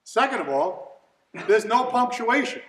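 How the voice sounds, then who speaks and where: A man, a deacon, giving a slow, deliberate sermon with touches of light humor. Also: very high-pitched, big pitch swings, fairly bright tone. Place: church. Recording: echoey church from far off.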